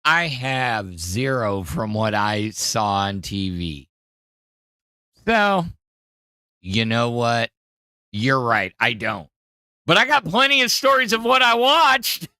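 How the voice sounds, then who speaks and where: A man's voice: medium pitch, very animated, slow, pauses often, sharp tone, dry recording. A man hosting a podcast, giving rambling, hesitant casual commentary with many fillers on a close mic. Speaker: podcast host.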